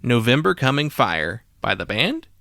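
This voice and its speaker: A man's voice: medium pitch, sing-song, normal speed, vocal fry. A man hosting a podcast, talking casually about old records with lots of fillers and loose asides. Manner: casual, rambling with frequent fillers. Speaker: podcast host. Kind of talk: solo music podcast monologue.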